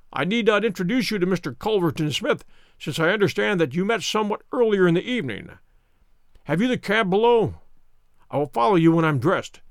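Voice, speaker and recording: A man voicing a brilliant, wry male detective who explains in a brisk, ironic, lecturing way. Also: high voice, creaky, no room sound, clean studio sound, pitched above the performer's own voice, exaggerated voice.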